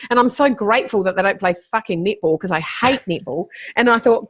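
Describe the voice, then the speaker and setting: A woman's voice: mid-range voice, lively intonation, fairly quick, slightly rough. A middle-aged woman, talking animatedly and swearing freely as a guest over a call. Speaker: podcast guest, keynote speaker. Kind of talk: casual conversation. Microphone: remote call.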